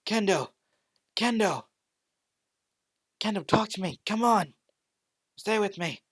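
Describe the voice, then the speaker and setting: A man doing a desperate young hero shouting. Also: a little high, drawn-out words, vocal fry, voice pushed up, exaggerated voice.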